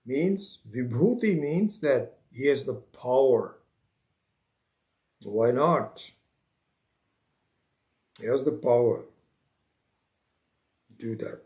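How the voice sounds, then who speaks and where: A man teaching a spiritual scripture class, unhurried, repeating his phrases and acting out the seekers he quotes. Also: mid-range voice, a little mellow. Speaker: Vedanta teacher.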